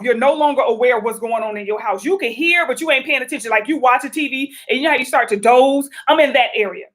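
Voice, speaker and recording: Middle-aged lady streaming live, high pitched, chatty, keeps saying y'all. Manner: chatty, animated, addresses viewers as y'all. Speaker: spiritual vlogger. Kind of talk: casual livestream talk.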